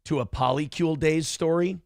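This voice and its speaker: A man's voice: fairly high pitch, brisk, gravelly, no echo, clean studio sound. A man hosting a morning talk show, telling stories in casual, profane chat and swearing freely. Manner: animated storyteller, swears freely.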